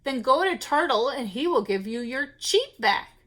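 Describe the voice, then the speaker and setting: A woman voicing a kind, gentle male farm horse in a children's storybook, speaking slowly and reassuringly. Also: high voice, expressive.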